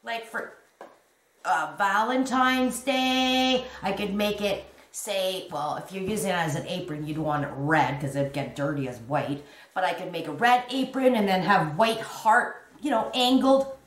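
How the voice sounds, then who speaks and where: A woman's voice: medium pitch, measured pace. Chatty rambling woman in an echoey room. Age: 50s. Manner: rambling, chatty, restarts and giggles. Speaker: crochet vlogger. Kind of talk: casual show-and-tell chat. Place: home room.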